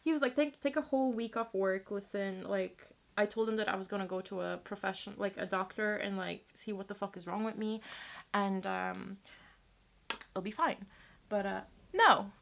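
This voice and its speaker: A woman's voice: medium pitch, normal speed, gravelly, fairly bright tone, slight background noise. A young woman from Latvia telling a personal story to her camera in a rambling, casual way, swearing often. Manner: chatty, rambling, swears casually, many fillers. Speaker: vlogger.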